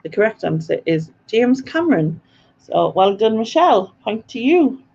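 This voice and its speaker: A woman's voice: medium pitch, very animated, normal speed, vocal fry, a little mellow, husky, dull audio. A woman hosting a live quiz stream, chatty and self-mocking, laughing often as she reads out viewer comments. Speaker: quiz host.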